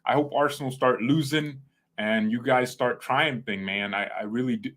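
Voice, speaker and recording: A man's voice: mid-range voice, animated, moderate pace, pushed and bright. A young man hosting a fan channel, rambling casually and using slang as he reacts to football results. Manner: rambling, slangy, jumps between topics.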